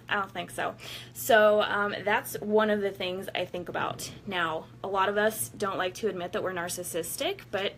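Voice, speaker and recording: A woman's voice: medium pitch, steady tone, normal speed, a bit bright, slight background noise. Blunt, profane woman vlogger. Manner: blunt and profane, laughing often, acting out quotes. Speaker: vlogger giving workout motivation. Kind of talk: casual candid monologue to viewers.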